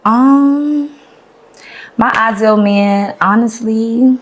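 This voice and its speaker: A woman's voice: fairly high pitch, extremely slow. A woman chatting casually, blunt and slangy as she talks. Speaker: podcast guest. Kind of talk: casual chat.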